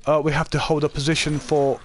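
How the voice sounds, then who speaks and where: Man, gaming host, casual play-by-play commentary, excitable, higher voice. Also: brisk. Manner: excitable, exclaims at kills, chatty with viewers.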